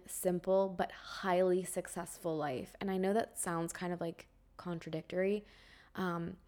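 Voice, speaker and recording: A young woman hosting her own podcast, musing in a rambling, reflective way with many fillers and soft trailing phrases. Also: on the low side. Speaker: podcast host. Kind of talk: casual solo podcast chat.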